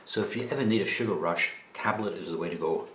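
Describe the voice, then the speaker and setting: A man's voice: low voice, fast, fairly bright tone, reverberant, slight background noise. A Scottish man chatting casually on camera about snacks while tasting them, with a dry, chatty manner. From Scotland. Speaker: vlogger presenting snacks.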